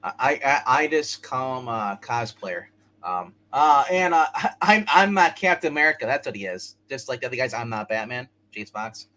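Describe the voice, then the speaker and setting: A man co-hosting a live comic book chat, talking in a quick, rambling, joking way. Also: mid-range voice, big pitch swings, pushed and bright, a little hiss or hum. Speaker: co-host. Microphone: live stream setup.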